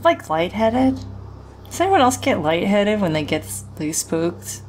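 A woman's voice: medium pitch, very animated, measured pace, a little mellow, soft background music. A woman streaming a horror game, reacting with jittery swearing and nervous laughter and reading game text aloud. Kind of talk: live gameplay commentary.

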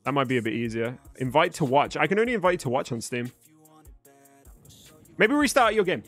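A man's voice: mid-range voice, animated, a little fast, a bit bright, soft background music. A young man from Birmingham with a mostly neutral British accent, hosting a live stream, chatting with and thanking viewers as he reads the chat. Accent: British English, mostly neutral. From Birmingham, England. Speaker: streamer host.

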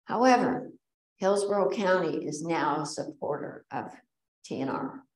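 A woman giving a public talk to a bird society, earnest and conversational, mixing facts with personal stories and pausing on fillers. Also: deep voice, lively intonation. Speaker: guest speaker at a bird society meeting. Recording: roomy echo.

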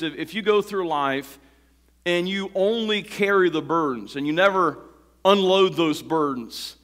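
A man preaching a sermon as pastor in a folksy, stop-and-start way, sometimes raising his voice sharply. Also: on the high side. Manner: folksy, repetitive restarts, rises to shouting when acting out quotes. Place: church sanctuary. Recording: long church reverb.

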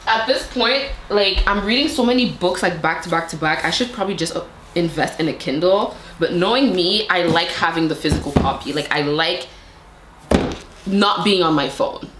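A woman's voice: lowish voice, moderate pace. A young adult woman vlogger chatting to camera, gushing and rambling with many fillers. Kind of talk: casual chat to camera. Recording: echoey room with faint noise.

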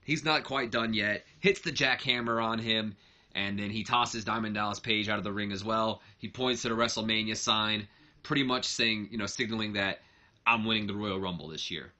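Male let's-play narrator, casual and rambling, lowish pitch. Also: normal speed, bright, forceful tone. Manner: rambling, self-correcting. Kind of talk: casual commentary of a wrestling sim.

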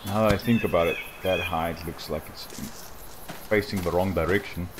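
A man casually commenting on his hunting game in a soft, slightly awkward, rambling way. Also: low-pitched, steady tone, normal speed, background noise. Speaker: gaming channel host.

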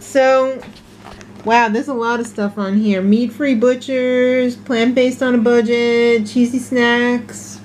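Brief: unhurried woman vlogger, slightly high voice, chatty storyteller, faint room noise. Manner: chatty, animated storytelling with laughs. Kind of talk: casual vlog chat.

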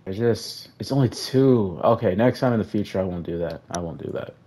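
Young gaming commentator, male, deep and dark-toned, frustrated running play-by-play of his own match. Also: brisk. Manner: frustrated, talks to players on screen, flat sighs between outbursts. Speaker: gaming YouTuber. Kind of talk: casual gameplay commentary.

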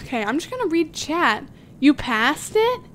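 A woman's voice: sits high, very animated, normal speed, background noise. A young woman livestreaming a game, chatting casually, thinking aloud and giggling often as she reads her chat.

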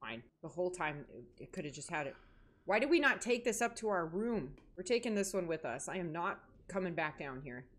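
A woman's voice: fairly low pitch, big pitch swings, fairly quick. A young woman hosting a horror game playthrough, joking and reacting dramatically as she plays. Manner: jokey, dramatic, talks to herself and the game. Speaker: gaming video host.

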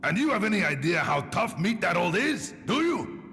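An actor voicing a ravenous male brawler enemy in a video game, with a gravelly, slow drawl. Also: high voice, sing-song, big-room sound, over loud music. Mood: mocking.

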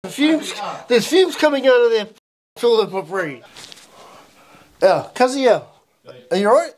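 A man's voice: extremely high pitch, very animated, a little slow. A man with a New Zealand accent teasing his friend in casual, slangy banter. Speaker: friend on trip.

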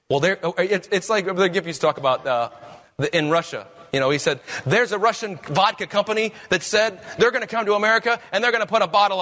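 A man's voice: high voice, sharp tone. A man preaching a sermon as pastor, with emphatic, rising questions.

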